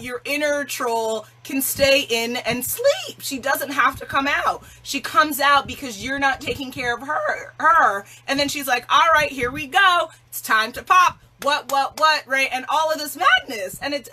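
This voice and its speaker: Bright, animated woman livestream host. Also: high-pitched, slight background noise, poor audio. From Jamaican family. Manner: animated, emphatic, laughs often. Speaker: self-love challenge host. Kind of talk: casual livestream talk.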